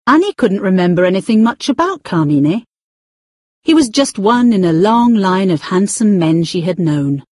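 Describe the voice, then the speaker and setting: A woman reading a novel aloud as narrator, expressive and slowing down to stretch out key words. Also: mid-range voice, breathy edge, no echo, studio quality. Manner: expressive, with drawn-out emphasis. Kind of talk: scripted audiobook narration.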